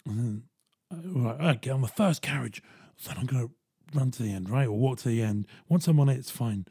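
A man tells a story on his podcast in a loose, chatty way, dropping into quick voiced asides as he goes. His voice is husky and dark, and it is recorded close and dry. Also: mid-range voice, expressive, no room sound. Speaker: podcast host. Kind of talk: casual storytelling monologue.

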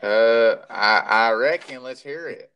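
A man's voice: mid-range voice, slow, bright, forceful tone, clean tone, muffled recording. A man banters as a podcast co-host. He talks in a dry, teasing way, and his voice sits mid-range. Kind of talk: casual chat.

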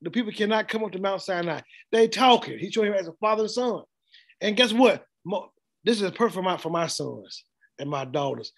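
A man's voice: sits high, fairly quick, gravelly. A middle-aged man preaching a blunt, informal sermon and laughing often as he speaks. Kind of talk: street sermon.

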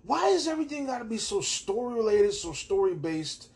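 A man hosting a casual solo podcast from his own room, rambling, swearing and animated. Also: sits high, fairly quick, vocal fry, husky. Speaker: podcast host.

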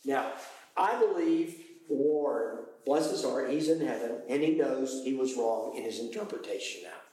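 A man's voice: medium pitch, normal speed. British man teaching, very echoey room. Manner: lively, animated explaining with sudden exclamations. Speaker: Bible study teacher. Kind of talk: Bible study teaching. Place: room with a small study group. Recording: echoey, poor quality recording.

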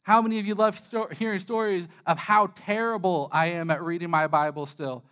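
A man's voice: high-pitched, steady tone, a little fast, a bit bright. A young man, a church pastor, giving a sermon in a candid, self-deprecating, conversational way, with frequent "uh" fillers.

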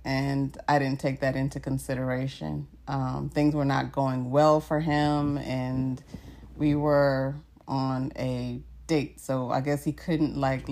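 A young woman co-hosting a podcast, telling a story in a casual chat with lots of laughter. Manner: animated, laughing storyteller, jumps high for quoted lines. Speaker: podcast co-host.

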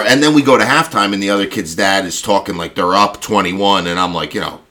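A man with a bright, forceful voice tells stories in a loose, casual chat over a video call. He acts out what others said, loudly and with lots of laughing, and his voice has a clear, tense edge to it. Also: on the low side, quick pace, hardly any pauses. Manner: animated storyteller, acts out loud quotes, laughs often. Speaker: podcast host and youth football coach.

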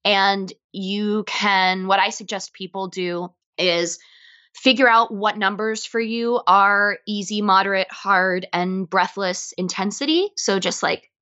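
A woman from Los Angeles, a fitness instructor, chatting on a podcast in an upbeat, animated way. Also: mid-range voice, takes it slowly, dull audio. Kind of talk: casual podcast chat.

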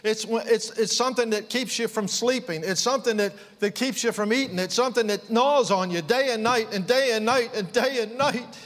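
Fervent high-voiced preacher in a hall. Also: male voice, a little fast, few pauses, a bit bright. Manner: fervent, rising to impassioned outbursts then dropping low. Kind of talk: sermon.

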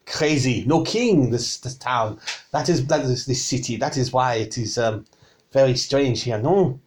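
A man's voice: medium pitch, racing, natural voice. Man putting on a snooty tavern keeper with a bad French accent. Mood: gossipy. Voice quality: broad, wobbly fake foreign accent. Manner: haughty, formal and clipped.

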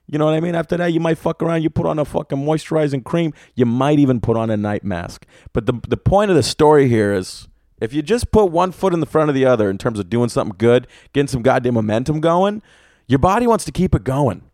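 A man's voice: fairly high pitch, fast, no room sound. A young man hosting a solo podcast, telling a rambling comedic story full of swearing in a close, dry sound. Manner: profane, animated storytelling with lots of swearing. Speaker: podcast host. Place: room with an air conditioner.

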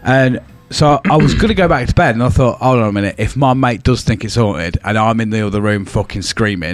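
A man's voice: fairly low pitch, fairly quick. A man co-hosting a podcast, telling a ghost story among friends with plenty of swearing and acted-out quotes. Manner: swears freely, animated retelling with voiced quotes. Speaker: podcast co-host.

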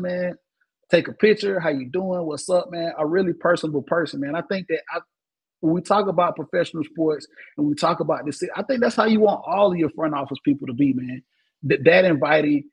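A man's voice: a little high, creaky, slightly rough, rough recording. A man hosting a casual sports talk show. He sounds laid-back, and ends many lines with "man.". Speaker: podcast host.

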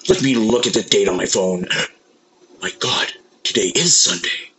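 Brief: man as a confused husband, low and bright-edged voice, stiff delivery, faint background hiss. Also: normal speed, rough recording. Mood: bewildered. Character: paranoid, confused husband in a skit. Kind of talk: scripted sketch acting.

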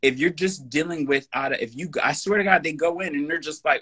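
Husky, forceful man talking bluntly. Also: fairly high pitch, a little fast. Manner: emphatic, blunt and profane. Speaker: podcast guest; personal trainer. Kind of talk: casual podcast conversation.

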